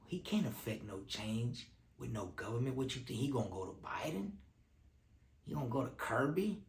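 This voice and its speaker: A man's voice: mid-range voice, very animated, normal speed, echoey room. A man giving casual video commentary, talking in streetwise slang and repeating lines for emphasis.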